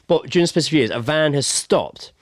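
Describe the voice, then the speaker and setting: A young man, co-hosting a podcast in quick, joking banter. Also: fairly high pitch, animated, no echo, studio quality. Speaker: podcast co-host. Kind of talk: casual chat.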